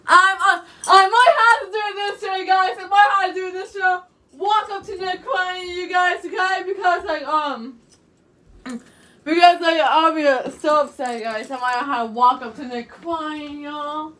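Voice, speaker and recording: A young woman chatting to camera from her bedroom in a very high, bright voice. She rambles and circles back, tossing "you guys" into nearly every phrase. Her voice sits a little away from the mic. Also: steady tone, a little slow, far from the mic. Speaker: vlogger. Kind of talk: casual chat to camera.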